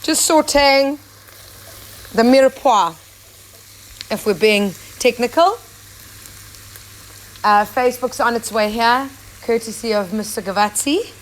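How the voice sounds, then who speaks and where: A woman's voice: fairly high pitch, slow, pauses often. A young woman from Zimbabwe, a safari cook, chatting casually while giving a live cooking demonstration and greeting viewers by name. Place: home kitchen. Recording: echoey kitchen with faint ambient noise.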